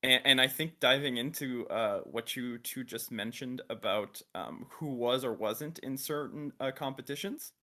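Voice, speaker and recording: A man co-hosting a casual podcast, with a voice of ordinary pitch. He speaks in a measured way and keeps steering the discussion toward the next topic. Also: sharp tone. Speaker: podcast co-host. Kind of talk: casual chat.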